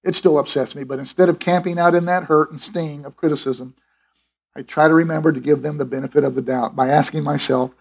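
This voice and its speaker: A man's voice: on the high side, fairly even intonation, brisk, creaky, slightly rough. A middle-aged man preaching a sermon in an emphatic, conversational way, with restarts and asides. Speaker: pastor.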